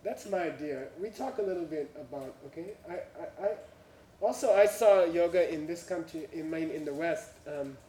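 Telling a story to an audience, a man in non-native English chuckles through his punchlines and uses "you know" and "uh" frequently. His voice is slightly high and warm, at normal speed, recorded roomy and from a distance.

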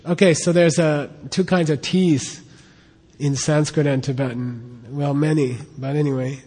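A man's voice: on the high side, fairly even intonation, a little slow, darkish tone, big-room sound. A man teaching a class in a casual, chatty way, often checking in with "okay?" and repeating himself. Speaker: teacher of Tibetan and Sanskrit texts.

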